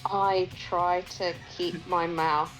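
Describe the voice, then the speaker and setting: A woman playing a tabletop role-playing game, speaking slowly and deliberately. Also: fairly low pitch, flat delivery, a bit bright, faint music behind, poor audio. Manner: slow, thoughtful, deliberate. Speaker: player. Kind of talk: tabletop role-play as a player.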